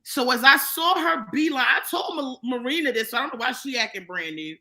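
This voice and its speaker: A woman guest on a live-streamed podcast, telling a profane story in an animated, casual way with many restarts. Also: high-pitched, fairly quick, low-quality recording. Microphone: live stream mic.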